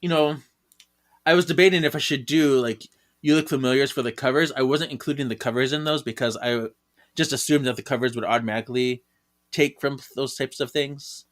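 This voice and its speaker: A man's voice: mid-range voice, steady tone, fairly quick. A man co-hosting a podcast in casual chat, chatty and laughing often as he talks. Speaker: podcast co-host.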